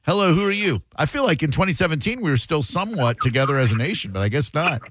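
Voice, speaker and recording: A man's voice: a little high, sing-song, fast talker, heavy background noise. A man hosting a radio talk show, chatting in a joking, conversational way and taking calls. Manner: joking, conversational, reads aloud from phone. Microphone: studio microphone.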